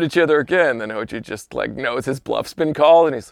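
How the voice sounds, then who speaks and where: A man casually telling a long, animated story on a podcast, dropping into whispers for asides. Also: medium pitch, brisk, creaky.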